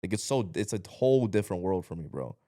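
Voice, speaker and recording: A man from Ecuador co-hosting a podcast, talking fast in a rambling, animated way with plenty of slang. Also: deep voice, no echo, studio quality. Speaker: podcast co-host. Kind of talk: casual podcast chat.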